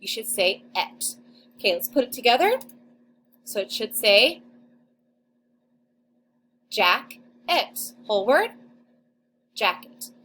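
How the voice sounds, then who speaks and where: A young adult woman with a fairly high voice leads a recorded phonics lesson for second graders. She sounds out each vowel and syllable slowly, stretching the sounds for small children. A faint hiss of noise sits under her voice. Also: sing-song, fairly bright tone. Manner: slow, exaggerated sounding-out of syllables.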